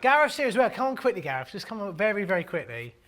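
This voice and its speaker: A man's voice: sits high, sing-song, fast talker, fairly bright tone. A man hosting a plumbing channel, talking through photos in a cheeky, joking way with crude banter. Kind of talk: casual jokey commentary. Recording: faint background music.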